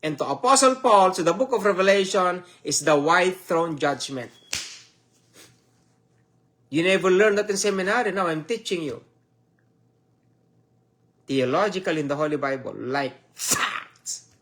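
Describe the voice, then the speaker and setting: A male preacher with a Filipino accent and a fairly high voice. He teaches in a slow, emphatic way, repeating each point for his listeners. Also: expressive, fairly bright tone. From Philippines. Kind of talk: sermon teaching.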